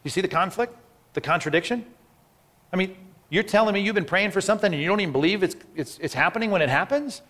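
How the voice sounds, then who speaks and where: A man preaching a sermon, animated and asking rhetorical questions, acting out the people in the story. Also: high voice, fast talker. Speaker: pastor.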